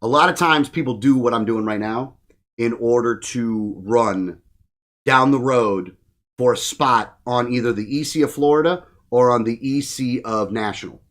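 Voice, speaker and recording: A man's voice: mid-range voice, moderate pace, fairly bright tone. A man speaking as a podcast guest in a studio, ranting bluntly in casual talk full of profanity. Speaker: guest, political activist.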